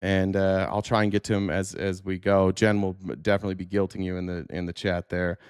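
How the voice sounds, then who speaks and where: A man's voice: deep voice, level tone, fairly quick, clear, resonant tone, dry recording. A man runs a political livestream in a dry, close-miked sound. He rants with heat and profanity and stumbles through restarts as he reacts to clips and chat. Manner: heated, profane, ranting with restarts. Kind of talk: casual livestream commentary.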